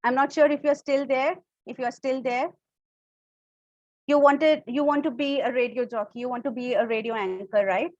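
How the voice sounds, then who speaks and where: A woman with an Indian English accent and a high, darkish voice teaches a live online public speaking class at a moderate pace, explaining each point and demonstrating different tones of voice. The recording has no room sound and sounds dry and slightly dull, as if from a call.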